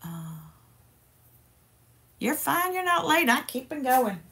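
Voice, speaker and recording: A woman's voice: high voice, very animated, takes it slowly, vocal fry, noisy background. Chatty woman hosting a crafting livestream. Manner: chatty and playful, talks straight to viewers. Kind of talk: casual livestream chat.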